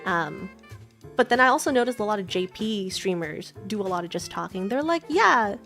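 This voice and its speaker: A woman's voice: mid-range voice, brisk, a bit bright, faint music behind. A woman hosting a casual chat stream, rambling along with lots of "like" and restarting her sentences. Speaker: VTuber host.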